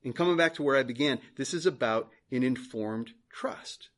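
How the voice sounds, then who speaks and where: A man's voice: medium pitch, normal speed, a bit bright. A male pastor preaching a sermon in church, earnest, repeating phrases for emphasis.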